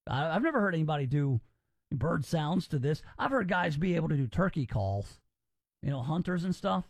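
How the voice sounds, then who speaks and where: An animated male talk radio host with a fairly high voice that moves a lot in pitch. He chats casually and wryly and stumbles over his words now and then. The sound is close and dry. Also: normal speed, no echo. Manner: animated, wry, with many restarts.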